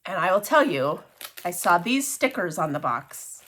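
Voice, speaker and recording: A woman chatting casually in a show-and-tell craft vlog, gushing and excitable, with many restarts and laughs. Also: lowish voice, normal speed. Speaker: cross-stitch vlogger.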